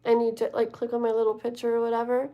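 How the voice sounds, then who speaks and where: A woman's voice: on the high side, completely flat delivery, quick pace, muffled recording. A woman reading tarot live and chatting casually with viewers, with many fillers and "okay?" check-ins. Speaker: tarot reader.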